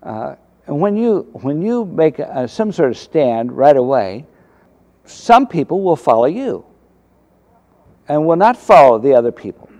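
An older man, a former navy officer, telling faith stories from his service in a halting way, full of restarts and fillers. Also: a little high, sing-song, darkish tone. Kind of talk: casual storytelling testimony.

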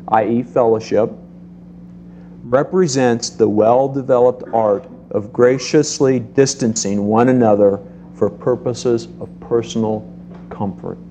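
A middle-aged man preaching a sermon to a congregation, telling stories in a lively way and acting out the voices in them. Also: mid-range voice, a little hiss or hum. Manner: animated storytelling, acts out voices. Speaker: pastor.

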